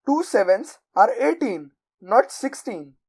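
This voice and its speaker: A woman's voice: a little high, big pitch swings, takes it slowly, a little mellow, breathy edge, heavily acted. A woman reading a storybook aloud, voicing a frightened little schoolboy who stammers out his answers. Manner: panicked, stammering.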